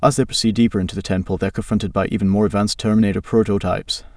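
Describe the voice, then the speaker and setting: A man narrates an adventure story in a gravelly, fairly low voice. His reading is even and flat, with little change for the characters' lines. The sound is dry and he sits a little back from the microphone. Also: fast talker, dry recording, distant mic.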